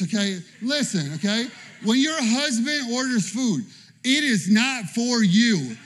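Animated high-pitched male preacher. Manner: animated, conversational preaching with frequent "okay?"; tells personal stories with humor. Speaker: pastor. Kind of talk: sermon.

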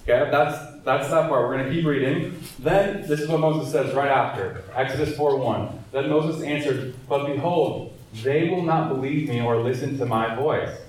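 A man's voice: mid-range voice, normal speed, recorded from a distance. A man in his thirties leads a church training session. He reads scripture and explains it in an earnest, casual way. His voice comes from across a very echoey room, well away from the mic. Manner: casual and earnest, with fillers and restarts. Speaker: evangelism trainer.

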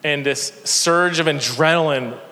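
A man's voice: fairly high pitch, a little slow, pushed and bright. A man preaching a sermon in a church, telling stories with energy and self-deprecating humor. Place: church sanctuary. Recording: long church hall reverb.

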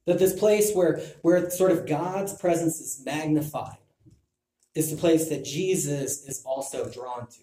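Male Bible teacher, mellow tone, restarts often, roomy echo. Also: on the high side. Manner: thinking aloud with restarts. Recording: echoey room.

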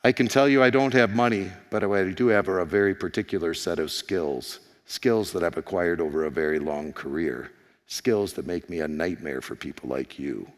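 A grim former agent father growls a slow, quiet threat down a phone line, as a hoarse preacher puts him on. The voice sits low and steady with a hoarse edge, carried by the long reverb of a big hall. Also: natural voice. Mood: menacing calm. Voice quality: low, quiet, measured menace.

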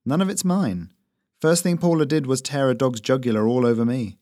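A man's voice: mid-range voice, a little fast, dark tone, pitched above the performer's own voice, close to an everyday voice. A man voicing a cheerful, loyal male soldier who speaks in an easygoing way.

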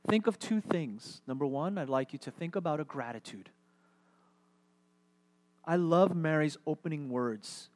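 A man preaching a live sermon to a church congregation as pastor, in a conversational style with halting, repeated words. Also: on the high side, a little mellow.

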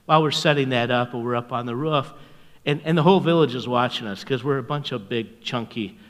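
An older man preaching as a pastor, telling stories in a folksy, chuckling way and dropping to a hushed voice at tender moments. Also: mid-range voice, fairly quick, long reverb tail. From North America. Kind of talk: storytelling sermon.

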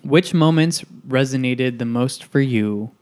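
Earnest man with a smooth voice. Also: medium pitch, a little slow, darkish tone. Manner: earnest, self-deprecating. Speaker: question reader in a book discussion. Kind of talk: casual group chat, reading questions aloud.

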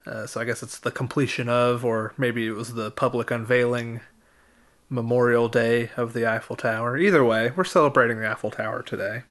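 A man co-hosting a casual history podcast, chatting easily and then reading history segments in an even, informative way. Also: medium pitch, fairly quick. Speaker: podcast co-host.

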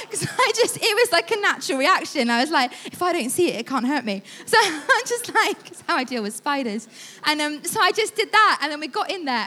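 Lively woman telling a story. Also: high-pitched. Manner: lively storytelling, acts out voices, laughs often. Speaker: church speaker. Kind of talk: storytelling sermon.

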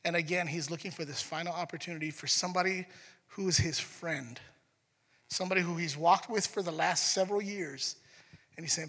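A man preaching a sermon in a conversational, animated way, acting out scenes as he goes. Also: on the high side, fairly quick, in a large hall. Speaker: pastor.

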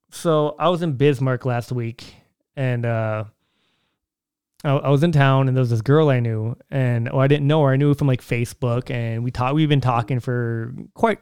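Rambling man with a smooth, dry voice. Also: medium pitch, darkish tone, no echo. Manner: rambling, conversational, many fillers and restarts. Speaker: podcast host. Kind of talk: casual solo podcast monologue.

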